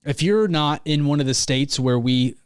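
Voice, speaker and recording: Hyped rambling comedian rallying listeners. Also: male voice, fairly high pitch, moderate pace, clear, resonant tone, no echo, clean studio sound. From Missouri. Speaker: podcast host. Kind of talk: solo podcast monologue.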